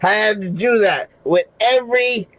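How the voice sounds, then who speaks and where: A man's voice: high-pitched, moderate pace, fairly bright tone, no echo, rough recording. A man chatting casually on a livestream, swearing, laughing and circling back to the same point again and again. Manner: rambling, repeats his point over and over; profane, laughs between phrases. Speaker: regular show panelist.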